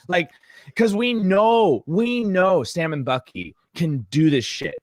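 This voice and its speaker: A man's voice: fairly high pitch, sing-song, measured pace, no room sound. A man co-hosting a podcast, chatting casually, rambling and getting worked up with frequent swearing. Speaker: podcast co-host. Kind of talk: casual chat.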